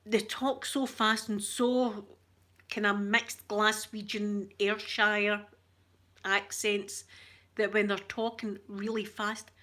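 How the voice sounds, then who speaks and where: A woman's voice: medium pitch, flat delivery, slow, bright, forceful tone. Chatty Scottish woman telling stories. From Scotland. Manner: chatty storyteller, addresses viewers as "yous". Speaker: ASMR vlogger. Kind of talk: casual chat to viewers.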